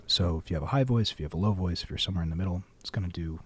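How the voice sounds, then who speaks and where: Low-voiced man chatting on stream. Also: very fast, breathy edge. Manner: rambling, wry, filling dead air. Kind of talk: casual livestream chat. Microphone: studio mic.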